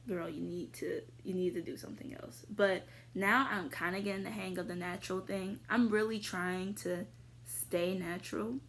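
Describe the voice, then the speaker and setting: A young adult woman vlogger casually answering viewer questions, rambling with lots of fillers and jumping into sudden high squeals. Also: fairly bright tone, slight background noise. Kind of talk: casual chat.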